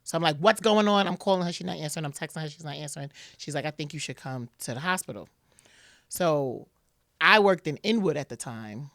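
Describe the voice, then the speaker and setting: A woman's voice: sits low, brisk, no echo, clean studio sound. A woman guest on a podcast, telling a personal story and acting out what people said, with plenty of "like" fillers. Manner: animated retelling, acting out quotes, many "like" fillers.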